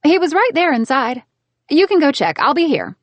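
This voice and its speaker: A woman narrating an audiobook, voicing a cheerful, teasing young heroine in a bubbly, higher voice. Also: very animated, normal speed, dry recording. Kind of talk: audiobook character voice.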